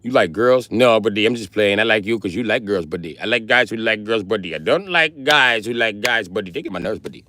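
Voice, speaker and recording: A man putting on an Indian accent to voice a fussy, chatty male gas station clerk who talks fast. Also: fairly low pitch, animated, pushed and bright. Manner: fast, repeats buddy, fussy.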